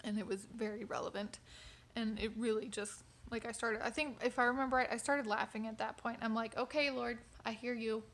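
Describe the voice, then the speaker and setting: A woman's voice: a little high, fairly even intonation, fairly quick, a bit bright. A young woman telling a personal faith story to camera in a candid, conversational way, with frequent fillers. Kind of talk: casual personal testimony.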